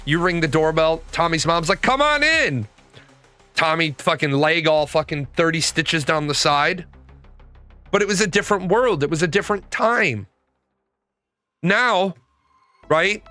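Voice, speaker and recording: A man in his forties, a streamer, telling stories in a profane, animated rant. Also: a little high, unhurried, pauses often, dry recording, soft background music. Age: 40s. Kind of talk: ranting casual talk.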